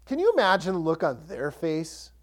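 Animated male pastor preaching. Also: fairly high pitch, normal speed. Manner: animated storytelling, acts out voices. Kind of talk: sermon.

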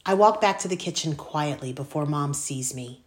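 Low-voiced woman narrating a story. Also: moderate pace. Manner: expressive, storytelling. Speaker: audiobook narrator. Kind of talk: scripted first-person narration.

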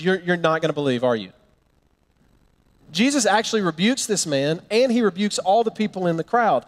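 A man preaching a sermon, telling a Bible story with animated storytelling and acting out the characters' lines. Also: high voice, brisk, in a large hall. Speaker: pastor.

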